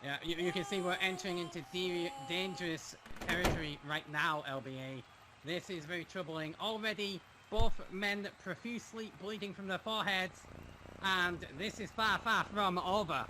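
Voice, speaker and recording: Man, high voice, dramatic wrestling commentary, laughs a lot, noisy background. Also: moderate pace, pushed and bright. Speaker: play-by-play commentator. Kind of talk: excited wrestling play-by-play.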